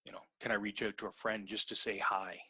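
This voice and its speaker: A man's voice: fairly low pitch, level tone, quick pace, pushed and bright, husky, no echo, muffled recording. A man giving an earnest, repetitive motivational talk in an online webinar. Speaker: webinar presenter.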